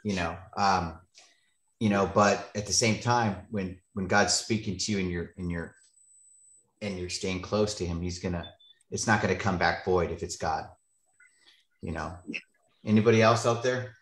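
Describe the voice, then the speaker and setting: A man's voice: deep voice, steady tone, normal speed, pauses often, roomy sound. A man hosting a Bible study on a video call, casual and joking. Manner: joking, laid-back, chatty. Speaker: host of men's Bible study. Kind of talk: casual chat.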